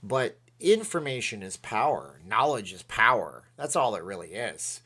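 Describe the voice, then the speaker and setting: A man hosting a casual livestream, rambling and excitable as he reads out chat comments. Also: lowish voice, moderate pace, slightly rough. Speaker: livestream host.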